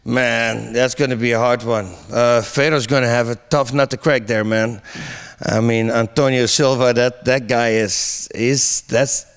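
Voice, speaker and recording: Animated middle-aged man telling stories. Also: mid-range voice, a little slow, clean tone. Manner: animated storyteller, laughs often, many restarts. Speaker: interview guest, MMA commentator. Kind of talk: casual interview chat.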